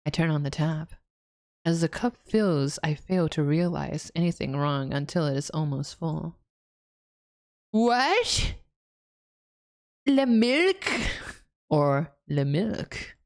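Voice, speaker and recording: Woman game streamer, reads story text and reacts, laughs a lot, slow delivery, low voice. Faint music behind. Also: a little mellow. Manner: laughs often, jumpy exclaiming reactions. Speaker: VTuber streamer.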